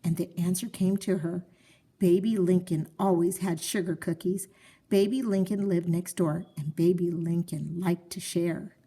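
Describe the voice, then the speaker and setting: A woman reading a children's storybook aloud with expressive, gently paced storytelling. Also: lowish voice, measured pace, breathy edge.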